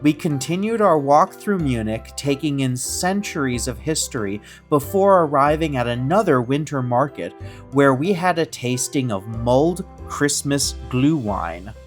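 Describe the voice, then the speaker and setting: A woman hosting a travel show, giving calm, measured scripted narration. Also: very deep voice. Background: faint guitar music.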